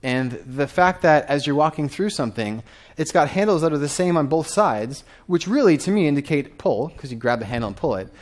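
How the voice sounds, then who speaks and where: A man in his thirties giving a lively conference talk from a stage, often asking the audience questions. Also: on the high side, fairly quick. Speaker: conference speaker.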